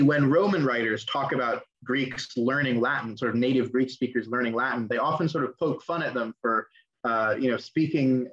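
A young man lectures an online class in a relaxed, chatty way, often pausing on ums and restarting his sentences. His voice sits at an ordinary middle pitch. The call audio is slightly dull and lo-fi. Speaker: class teacher.

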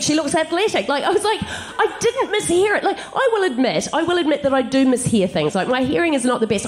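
A middle-aged woman comedian telling stand-up stories to a live audience, giggly and animated with quick asides. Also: fairly high pitch. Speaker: comedian guest. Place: comedy venue stage before a live audience.

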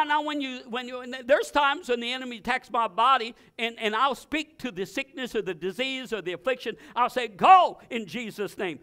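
A male pastor preaching with a very high voice, pressing his points hard and repeating phrases in quick bursts. He now and then breaks into shouted commands, and his tone stays sharp and bright. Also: clean tone. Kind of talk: sermon.

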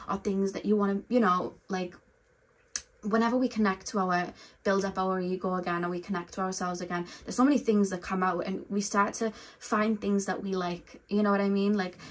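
A young woman giving a casual tarot reading, talking in a loose, rambling way and often saying "like" and "I feel like". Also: medium pitch. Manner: rambling, heavy use of "like" and "I feel like". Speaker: tarot reader.

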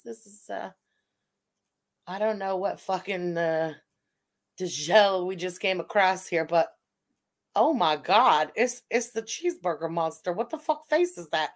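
A woman streamer giving crude, mocking live reaction commentary, thanking super chats and often laughing. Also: mid-range voice.

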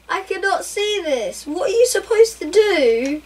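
A woman reacting out loud while playing a racing game, laughing and exclaiming often. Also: very high-pitched, very animated, measured pace. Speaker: gameplay streamer. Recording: mic a bit far off, faint room noise.

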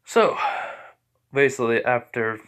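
A man's voice: mid-range voice, animated, measured pace, fairly bright tone. A young man casually retelling a fan story, rambling with many fillers and restarts.

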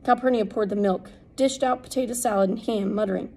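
A woman narrating an audiobook in a steady, unhurried reading. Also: medium pitch, vocal fry, poor audio. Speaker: audiobook reader.

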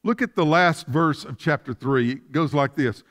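A man's voice: on the high side, normal speed, a bit bright. A man preaching a sermon as pastor, asking fervent rhetorical questions.

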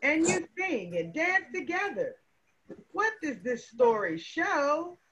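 A woman reading a children's picture book aloud in a sing-song, drawn-out way, on a dull, lo-fi played recording. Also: sits high, big pitch swings, fairly bright tone, soft background music. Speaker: storybook reader. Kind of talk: scripted read-aloud for children.

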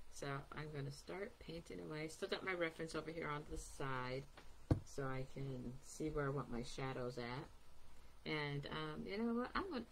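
Low-voiced lady chatting through a paint demo, lots of ums, faint room hiss behind. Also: creaky, fairly bright tone. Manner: chatty, rambling, many ums, giggles to herself. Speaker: artist giving a painting demo. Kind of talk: casual live art demonstration.

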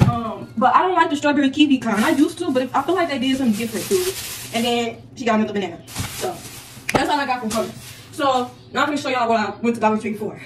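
A woman's voice: fairly high pitch, fast talker. A young woman hosting a casual haul vlog, chatty and slangy, talking straight to her viewers. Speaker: vlogger. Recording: echoey room, distant mic, faint noise.

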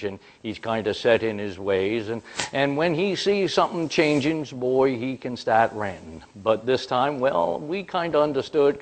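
Folksy chuckling male storyteller. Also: on the low side. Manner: folksy, chuckling, rural turns of phrase. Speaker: comedian and storyteller.

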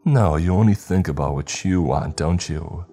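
A man's voice: deep voice, moderate pace, dark tone. A man voicing a childish, growly demonic entity that mocks and teases, over faint music. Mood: taunting. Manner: mocking, teasing.

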